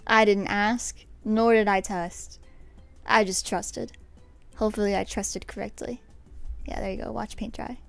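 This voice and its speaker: A woman's voice: mid-range voice, little pitch movement, measured pace, creaky, clean tone, faint music behind. A young woman streaming herself painting her nails, chatting with viewers in a rambling, self-deprecating way. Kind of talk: casual chat while painting nails on stream.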